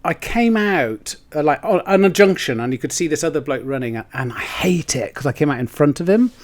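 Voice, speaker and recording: A man's voice: a little high, expressive, a little fast. A man, co-hosting a podcast and telling a rambling, self-deprecating story with laughs mixed in. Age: 60s. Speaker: podcast co-host. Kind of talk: casual chat.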